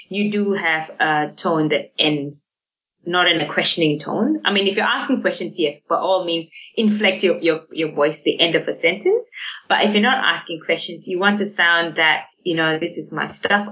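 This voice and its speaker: A woman's voice: fairly low pitch, bright, forceful tone. An Australian woman who works as a speech therapist, talking chattily in a podcast interview and laughing often. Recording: dull lo-fi podcast audio.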